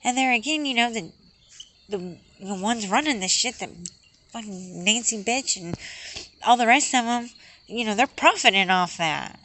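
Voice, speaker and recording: A woman's voice: fairly high pitch, lively intonation, normal speed, a bit bright, a little hiss or hum. A woman ranting in a rambling, profane, heated way as a vlogger. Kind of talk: rambling rant to camera.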